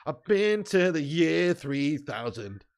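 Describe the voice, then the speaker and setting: A chatty man hosts a live football watch-along with a slightly high voice. He reads viewer comments aloud, teases the people who sent them and breaks into laughter often. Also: sing-song, slow. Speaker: live stream host.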